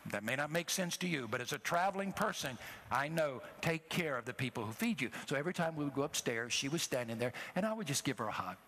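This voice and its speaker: A middle-aged man preaching a sermon, telling a personal story with emotion and rising to loud exhortations. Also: on the high side, animated, fast talker, slight background noise. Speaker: traveling preacher.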